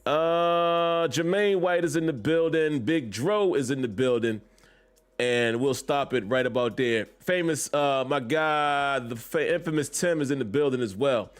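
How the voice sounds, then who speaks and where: A man's voice: medium pitch, measured pace. A man hosting a live-streamed sports podcast from his home basement, chatting casually and greeting viewers by name. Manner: casual, repetitive shout-outs to chat viewers. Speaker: podcast host.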